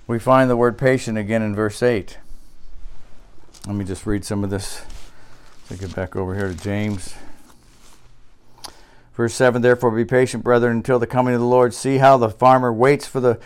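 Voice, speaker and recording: A man's voice: medium pitch, fairly even intonation, normal speed, pauses often, clean tone. A man preaching a sermon to his congregation, asking rhetorical questions and building to emphatic, raised passages. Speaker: pastor.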